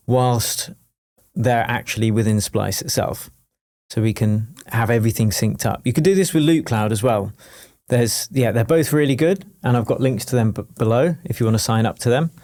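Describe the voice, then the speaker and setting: A man teaching a music production tutorial in a chatty, jokey way, wired on coffee and full of quick asides. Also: medium pitch, a little mellow. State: wired on coffee, talking fast. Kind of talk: screen-recorded production tutorial.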